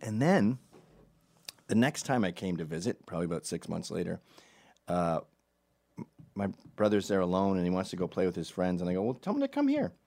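A middle-aged man from Canada telling a funny personal story in a loose, animated way, acting out the voices of everyone in it. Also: sits low, a little fast, creaky, pauses often. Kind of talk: comedic storytelling.

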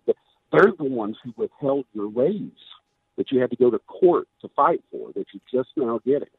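Over a tinny, dry phone line, a man running for governor argues his case in a radio interview, his mid-range voice slightly rough and fading. He's animated and emphatic, speaking at normal speed with no echo and restarting many times as he tries to persuade.

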